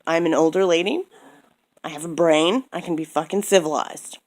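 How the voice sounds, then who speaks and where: A woman in her thirties vents in a heated, swearing rant, circling back over the same points. Her voice sits low and sounds tired. She talks straight to the camera like a personal vlogger. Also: normal speed, darkish tone. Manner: heated, profane, repeats herself.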